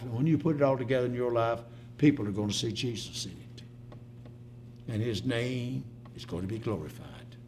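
A man preaching a sermon, telling a story and swinging from loud bursts to hushed, slow lines. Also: mid-range voice.

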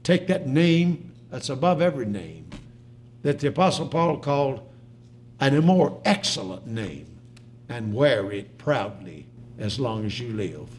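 Man, preacher, sermon, storytelling delivery, loud-to-hushed swings, medium pitch, faint background hum. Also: very animated, measured pace.

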